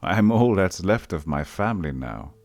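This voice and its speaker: A man voicing a chuckling, grieving and treacherous male town mayor in a low, hushed, brooding way. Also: expressive, moderate pace, faint music behind. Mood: mournful.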